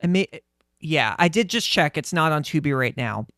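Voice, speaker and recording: A man's voice: fairly high pitch, lively intonation, moderate pace, bright, forceful tone, dry recording, clean studio sound. A man co-hosting a casual podcast, chatty and rambling, laughing often, sleep-deprived. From United States. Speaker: podcast co-host. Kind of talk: casual chat.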